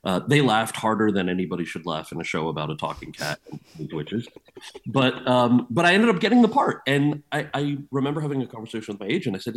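A man's voice: fairly low pitch, big pitch swings, fast. A man, an actor and author, telling candid, earnest anecdotes as an interview guest. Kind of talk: storytelling interview.

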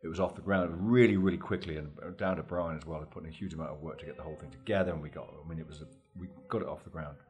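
A male actor guest telling animated stories in a relaxed interview, laughing often and acting out dialogue. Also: rumbling low, racing, few pauses. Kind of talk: anecdotal interview storytelling.

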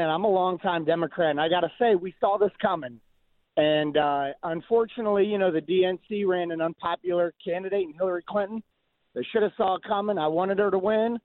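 A man from Ohio calling in to a talk radio show, speaking in a calm, matter-of-fact way. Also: high-pitched, no echo. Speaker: caller. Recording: tinny phone line.

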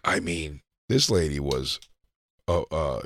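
A man's voice: a bass voice, takes it slowly, dry recording. A man co-hosting a podcast, telling a story in casual, profane chat and acting out the people in it. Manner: profane, animated storytelling, acts out quotes. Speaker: podcast co-host.

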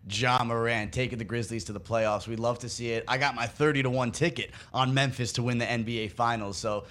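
This producer hosts a sports betting segment in a medium-pitched, fairly bright voice, keeping his intonation fairly even and his pace a little fast. He's upbeat, breaking down each of his bets step by step for listeners.

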